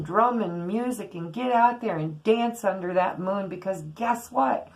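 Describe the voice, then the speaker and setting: Slow, gravelly-voiced woman tarot reader. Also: mid-range voice, lively intonation, rough recording. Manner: earnest, blunt, spiritual pep talk with casual swearing. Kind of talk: casual tarot reading monologue.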